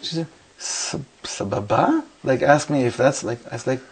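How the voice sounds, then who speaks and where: A middle-aged man, a rabbi, telling lively anecdotes full of quoted dialogue before a Torah class. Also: medium pitch, quick pace, husky.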